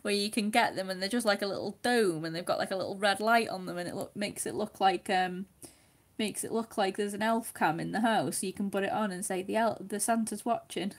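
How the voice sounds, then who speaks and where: Husky, chatty woman. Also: medium pitch, a little fast. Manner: chatty, laughs often, drops to a near whisper while concentrating. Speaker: craft livestream host. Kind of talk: casual chat while colouring.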